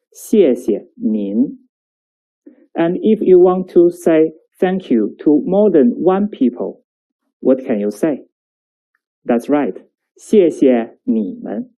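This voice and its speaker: A woman leads a recorded lesson at an unhurried pace. Her voice is deep and mellow, never bright. She says words slowly and carefully so the student can repeat them. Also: low-quality recording. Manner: slow, careful enunciation with drills for the listener to repeat. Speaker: Chinese language teacher.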